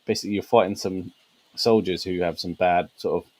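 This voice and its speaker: A man's voice: low-pitched, fairly even intonation, brisk, darkish tone, no room sound, rough recording. A man co-hosting a gaming podcast, explaining at length with fillers and frequent laughs. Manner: laughs often, meandering explanations with many fillers. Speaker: podcast co-host. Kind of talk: casual podcast chat.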